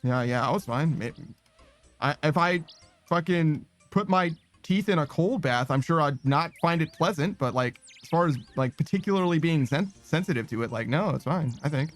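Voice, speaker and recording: A man's voice: a little high, animated, normal speed, faint music behind. A man chatting casually while streaming a game, rambling, swearing and laughing at himself. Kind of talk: casual chat while gaming.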